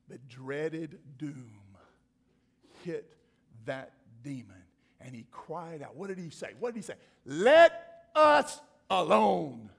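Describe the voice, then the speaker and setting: High-voiced, emphatic preacher man. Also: slightly rough. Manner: emphatic and repetitive, with swings from loud to hushed. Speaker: pastor. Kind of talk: sermon. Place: church.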